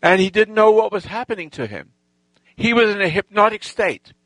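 A man telling a rambling, boastful personal story, halting with restarts and lost threads. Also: sits high, expressive, a bit bright, no room sound, poor audio. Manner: boastful, self-assured storytelling.

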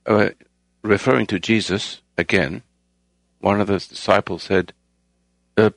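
A man's voice: fairly low pitch, steady tone, unhurried, creaky, long pauses, dry recording. A man hosting a talk program, delivering a rambling, moralizing monologue and raising his voice to stress points. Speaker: radio show host.

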